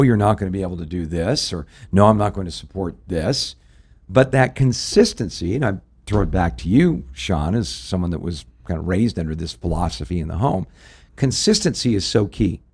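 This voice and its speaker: A man's voice: on the low side, a little mellow, breathy edge. A middle-aged man, a pastor, talking in a folksy way, telling stories and quoting scripture in a ministry radio discussion. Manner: folksy, anecdotal, quotes scripture.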